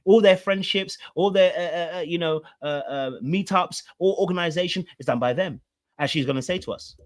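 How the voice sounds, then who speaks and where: A man's voice: sits high, fairly quick. A man, a relationship coach, commenting on a played clip and explaining with repeated rhetorical questions.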